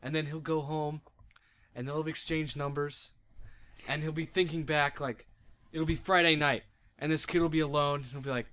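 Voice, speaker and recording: A man's voice: on the high side, flat delivery, normal speed, a bit bright. A young man chatting on a podcast, telling rambling, joking stories. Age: young adult. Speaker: podcast cast member. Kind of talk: casual chat, storytelling.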